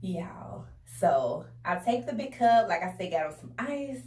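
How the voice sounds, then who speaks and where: A young woman telling a casual storytime to her viewers in a chatty, animated way, often calling them y'all. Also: lowish voice, measured pace. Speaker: vlogger. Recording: roomy echo, a bit distant from the mic.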